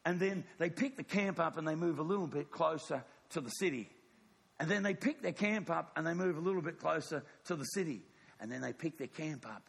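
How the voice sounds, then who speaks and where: A man preaching a sermon, telling a story with animated acted-out dialogue. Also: a little high, brisk, vocal fry, slightly rough.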